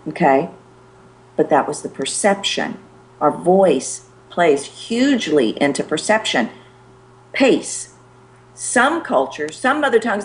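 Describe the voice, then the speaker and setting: A middle-aged woman, a presentation skills coach, giving animated and emphatic advice as a guest on a show. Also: fairly low pitch. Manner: animated, emphatic, demonstrates pace with her voice.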